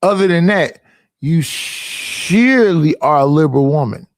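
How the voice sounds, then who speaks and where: A man's voice: on the high side, lively intonation, measured pace, no echo. Slangy, profane man hosting a livestream. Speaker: livestream host. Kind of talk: casual livestream commentary.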